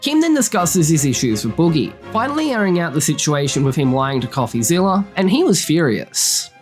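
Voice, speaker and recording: A narrator reading a scripted commentary in a measured way. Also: medium pitch, very animated, soft background music. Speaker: video narrator.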